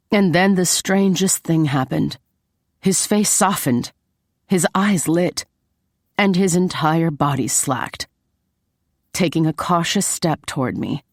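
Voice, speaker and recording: A woman's voice: low-pitched, no echo, clean studio sound. A woman narrating a romance audiobook in the first person, with emotional intensity.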